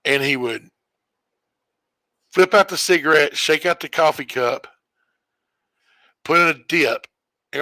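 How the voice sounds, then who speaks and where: A man with a bright, forceful voice tells a meandering story while playing a game. He backtracks, corrects himself and chuckles along the way. The sound is dry and close. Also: fairly high pitch, moderate pace, long pauses, no room sound. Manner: rambling, self-correcting storyteller who chuckles often. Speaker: streamer. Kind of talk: casual storytelling while gaming.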